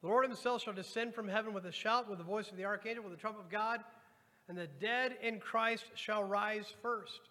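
Pastor guy preaching, high bright voice, big echoey church hall. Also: normal speed. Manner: preaching, reads scripture aloud and addresses the congregation. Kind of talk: sermon. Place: church sanctuary. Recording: long hall reverb.

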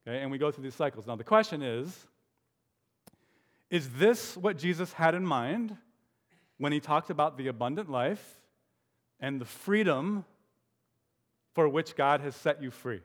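A man's voice: a little high, expressive, unhurried, long pauses, a bit bright. A man preaching a sermon as pastor, musing aloud with rhetorical questions. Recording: long hall reverb.

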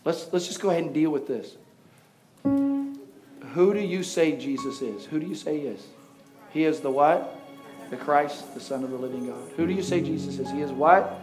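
A man preaching to a congregation, joking with the crowd and building to loud, passionate preaching. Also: on the high side, normal speed, pauses often, music in the background. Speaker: pastor. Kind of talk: sermon.

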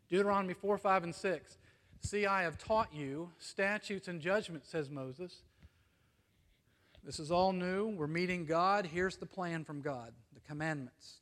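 A man with an American accent preaching a sermon, earnest and emphatic, often dropping to a hush and asking "you see?". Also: on the high side, big-room sound. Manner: earnest, swings between emphatic and hushed, frequent "you see?". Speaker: pastor.

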